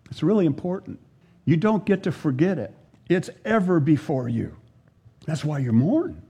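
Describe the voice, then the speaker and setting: A man preaching a sermon as a pastor, earnest and unhurried, leaning hard on scripture readings and pausing for effect. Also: fairly high pitch, sing-song, warm tone, breathy edge. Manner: earnest, slow preaching with dramatic pauses and emphatic scripture readings.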